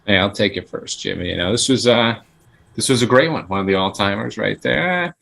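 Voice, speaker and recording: A man's voice: lowish voice, lively intonation, a little fast, creaky, a bit bright. A man co-hosting a casual sports talk show, talking in a laid-back, rambling way and teasing his co-host.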